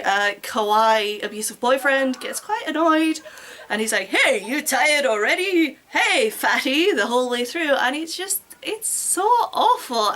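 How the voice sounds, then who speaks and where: High-voiced British woman, hesitant and wry. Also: a bit bright, poor audio. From Britain. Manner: hesitant, wry, many fillers. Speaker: app reviewer. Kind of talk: casual video review.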